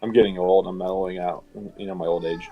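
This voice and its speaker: A man's voice: low voice, steady tone, quick pace, lo-fi sound, crowd noise. A man chatting casually with a friend, joking and laughing easily. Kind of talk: casual chat.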